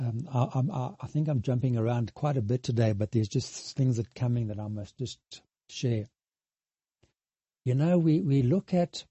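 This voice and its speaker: A man preaching a sermon, earnest and halting, with many restarts and emphatic repetition. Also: mid-range voice, dark tone, breathy edge, dry recording. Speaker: pastor.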